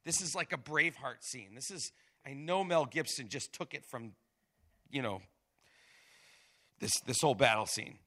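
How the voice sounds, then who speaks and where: A man preaching a sermon, reading scripture aloud with dramatic emphasis and animated asides. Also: medium pitch, normal speed, pauses often. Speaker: pastor.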